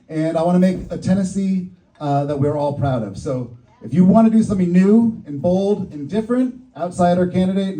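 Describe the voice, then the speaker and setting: A man gives a lighthearted stump speech at a community event, cracking jokes between promises. His voice sits a little high but sounds mellow and soft-edged. He stands some way off from the microphone. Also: recorded from a distance, rough recording. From Boston. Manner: joking, upbeat campaign delivery. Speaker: political candidate.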